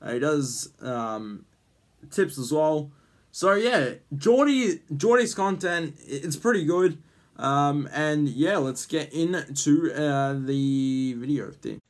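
A man's voice: a little high, lively intonation, takes it slowly. A man hosting a casual vlog, rambling with lots of ums and jokey teasing. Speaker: YouTube host.

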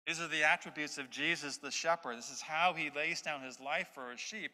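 A man's voice: on the high side, fairly quick, sharp tone. A man preaching an expository sermon as pastor, stressing his points through repetition. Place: church sanctuary. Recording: long hall reverb.

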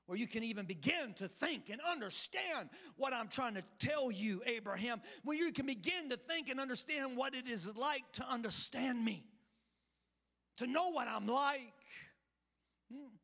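A man's voice: very high voice, lively intonation, normal speed, vocal fry, pushed and bright. A male pastor preaching a storytelling sermon, emphatic and calling out to his congregation. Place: church sanctuary. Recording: long hall reverb with music.

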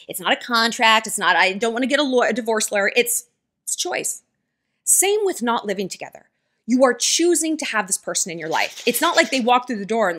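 In a chatty vlog, a woman gives blunt relationship advice directly to her viewers and acts out the quoted dialogue of people in her stories. Her voice is on the high side, with big pitch swings, a fairly bright tone, and a slightly fast pace.

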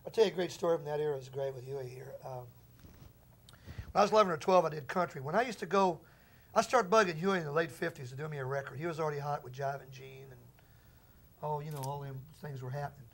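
A man in his forties, a musician telling stories in a loose, animated interview. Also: fairly high pitch, creaky. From Texas. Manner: rapid, animated storyteller with a loose drawl. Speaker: musician guest. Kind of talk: casual storytelling interview.

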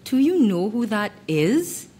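Casting: a woman doing a flustered, stammering male photographer in a spoken story, slow and up-and-down. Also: medium pitch, big pitch swings, mellow, breathy edge, pitched above the performer's own voice, heavily acted. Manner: stammering and anxious.

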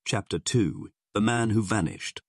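A man's voice: lowish voice, unhurried, gravelly, dry recording, clean studio sound. A man narrating a pulp crime story with dramatic storytelling.

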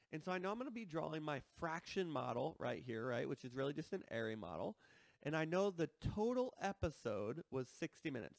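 Lively, gravelly-voiced math teacher man. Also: fairly high pitch, no room sound. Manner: explaining step by step, checking in with "right?". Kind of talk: math lesson walkthrough.

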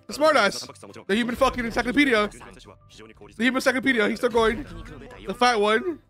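Young male reaction host, very high and bright, excitable, foul-mouthed, laughs often, faint music underneath. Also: brisk. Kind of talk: casual reaction commentary.

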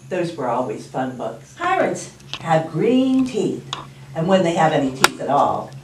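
A woman librarian reading a picture book aloud at storytime in a library, expressive and slow, heard from a distance. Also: fairly low pitch, slight background noise. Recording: roomy, distant, faint ambience.

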